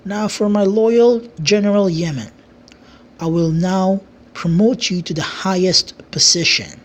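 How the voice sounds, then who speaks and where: A narrator voicing a stern king who scolds and sentences his traitor brother in a homemade fantasy story, giving slow commands. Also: mid-range voice, close to an everyday voice.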